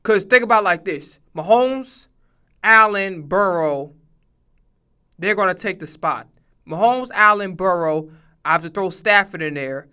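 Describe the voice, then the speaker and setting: A man's voice: sits high, animated, unhurried, pushed and bright, clear, resonant tone. A man streaming his reactions to a sports talk show, heated and profane, who swears a lot and repeats his points for emphasis. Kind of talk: profane casual reaction commentary.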